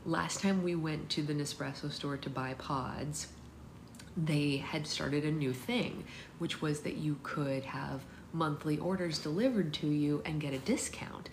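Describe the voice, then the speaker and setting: A chatty woman with a low voice hosts a casual book club stream from home, laughing easily and leaning on "like" as she talks. The phone recording carries a steady air-conditioner hum behind her. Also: unhurried. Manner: chatty, laughing, lots of "like" fillers. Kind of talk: casual livestream chat. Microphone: phone livestream.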